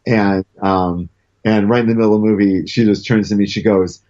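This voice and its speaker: A man's voice: fairly low pitch, steady tone, a little fast, dark tone. A middle-aged man in casual chat as a guest, telling stories animatedly and often stammering and restarting his sentences. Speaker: comic book writer guest. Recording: dull lo-fi sound.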